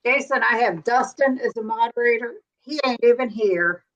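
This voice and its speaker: A woman's voice: on the high side, moderate pace, fairly bright tone, dull audio. Chatty woman hosting a livestream. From North Carolina. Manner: chatty, laughs easily. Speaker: livestream host. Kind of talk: casual chat.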